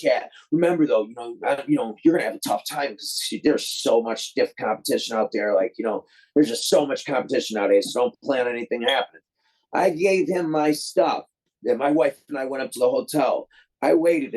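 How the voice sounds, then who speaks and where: A man's voice: mid-range voice, darkish tone, husky, low-quality recording. A man from Detroit, a guest filmmaker, telling a long story in a loose, rambling way and acting out the voices of the people in it. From Detroit, USA. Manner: rambling, acts out quoted voices; loose, many fillers and restarts. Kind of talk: casual storytelling.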